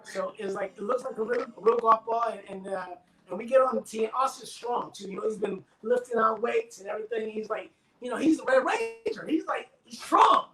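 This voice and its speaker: A middle-aged actor being interviewed, telling stories in a loose, animated way and acting out his friends' voices. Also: very high-pitched, a little fast, roomy sound, crowd noise, poor audio. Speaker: actor guest. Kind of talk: casual interview storytelling.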